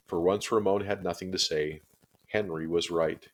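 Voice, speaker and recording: Deep-voiced man reading a children's book. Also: moderate pace. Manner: steady, expressive storytelling. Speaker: storyteller. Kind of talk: children's book read-aloud.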